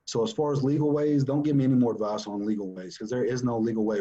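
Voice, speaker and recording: Man, earnest emphatic testimony, mid-pitched voice, muffled lo-fi sound. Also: fairly even intonation, fast, mellow. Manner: earnest, emphatic, repeats for stress. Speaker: father telling his family story. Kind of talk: personal testimony.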